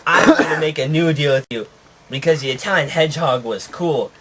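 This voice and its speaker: A man plays a young male puppy in a homemade puppet tale, eager and then bossy as he climbs the ranks. The voice sits a touch high, close to an everyday voice. A noisy home recording hums underneath. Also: brisk, a bit bright, close to an everyday voice. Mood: tough. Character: ambitious young male puppy drug dealer.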